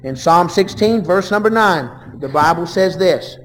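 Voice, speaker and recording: A man preaching a sermon, reading verses aloud and swinging between loud and hushed delivery. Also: sits high, lively intonation, unhurried, long reverb tail, a little hiss or hum.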